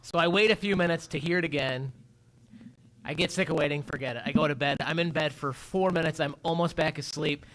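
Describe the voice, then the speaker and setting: A man co-hosting a casual morning radio show, telling a story with lively acted-out voices. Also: a little high, brisk, a little hiss or hum. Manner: animated storyteller, acts out his own voice and sounds. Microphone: studio microphone.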